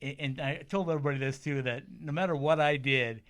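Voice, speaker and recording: A man's voice: mid-range voice, fairly even intonation, a little fast, a bit bright. A man hosting an interview, telling stories in a chatty way with repeated words as he starts. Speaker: interviewer and host. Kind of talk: conversational interview.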